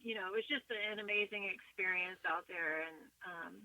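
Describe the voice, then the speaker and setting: A woman singer, a guest on an interview show, chatting and telling a lively story with frequent laughter. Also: mid-range voice, moderate pace, rough recording. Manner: animated, chatty, laughs often.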